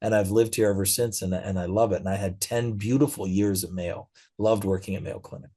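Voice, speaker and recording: A middle-aged man speaking as a guest in a conversational interview, telling stories in a relaxed way with frequent fillers. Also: lowish voice, brisk, breathy edge.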